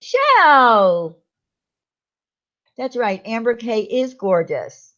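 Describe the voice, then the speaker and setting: A woman's voice: mid-range voice, unhurried. A woman hosting a casual live stream, chatting with viewers and reading their comments aloud. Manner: chatty, reassuring, talks to chat by name. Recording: slightly dull lo-fi stream audio.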